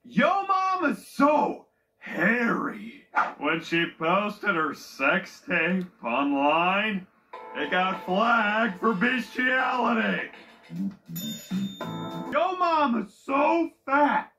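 A comedic joke teller with a punchy delivery who shouts each setup line before the punchline. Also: medium pitch, very animated, very slow, music in the background.

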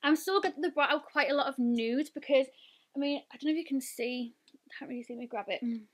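British woman, twenties, high-pitched, excitable and chatty; casual beauty-vlogger delivery. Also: fast, slight background noise. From United Kingdom. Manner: gushing, chatty, lots of "like" and "oh my god". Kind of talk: excited unboxing and swatching.

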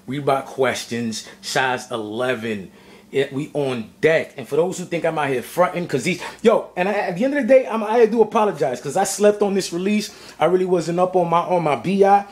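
A man telling a casual vlog story about buying sneakers, animated and full of slang. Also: on the high side. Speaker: sneaker vlogger.

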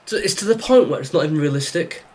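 Quick and animated, this young man's voice is a little high and a little mellow as he commentates his own football video game. A gaming YouTuber, he rants sarcastically and with exasperation at the match in frustrated live gameplay commentary.

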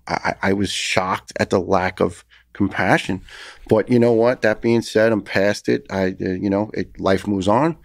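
A middle-aged man with a New York accent tells a hard personal story as a podcast guest. His voice is low and gravelly, and it stays fairly flat in pitch. It is recorded dry and close. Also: dry recording. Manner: earnest, emotional retelling with repeated restarts. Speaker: guest, former firefighter.

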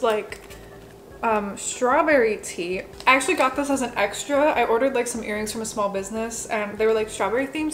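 A woman's voice: on the high side, a little hiss or hum. Chatty young woman filming a cooking vlog. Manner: rambling, self-deprecating, frequent "like" fillers. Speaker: cooking vlogger. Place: home kitchen.

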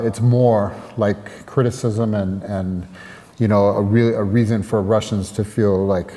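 A man's voice: on the low side, mellow, big-room sound. An American man talking earnestly as an interview guest, often restarting his sentences. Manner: earnest, halting, with many restarts. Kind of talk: casual interview talk.

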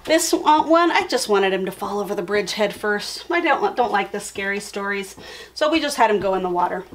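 A woman teacher telling a children's story with a felt board, friendly and expressive. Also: mid-range voice, normal speed, a little hiss or hum. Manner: friendly, expressive read-aloud.

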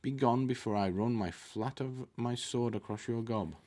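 A man reading the lines of an arrogant, quick-tempered nobleman in a storybook, blustering and contemptuous. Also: mid-range voice, a little mellow, close to an everyday voice. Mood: furious.

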